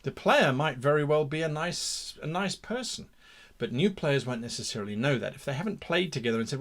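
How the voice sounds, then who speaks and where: A middle-aged man talks straight to camera, giving tips on running tabletop games. His pitch sits a little high and swings widely as he stresses points, and he is frank and self-critical about what went wrong. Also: a little fast. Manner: reflective, self-critical, lively emphasis. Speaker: game master tips host. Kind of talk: talking-head advice monologue.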